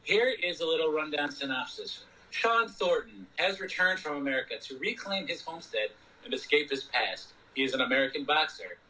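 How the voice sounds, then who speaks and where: A man's voice: a little high, pushed and bright, far from the mic, rough recording. A man co-hosting a podcast, chatting casually about movies, rambling and dropping "you know" often. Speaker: podcast co-host. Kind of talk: casual movie review chat.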